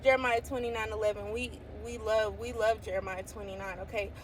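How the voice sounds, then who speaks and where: A woman talking casually to camera about her faith, excitable and exclaiming often, sometimes reading scripture aloud. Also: medium pitch, a little fast, a little hiss or hum. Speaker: faith vlogger.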